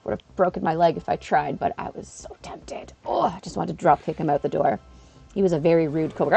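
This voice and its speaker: A young woman streamer chatting casually to her live-stream viewers, acting out quoted people in an animated way and laughing often. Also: a little fast, vocal fry, slightly rough, soft background music. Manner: animated, acts out quotes with big pitch jumps. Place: living in Japan.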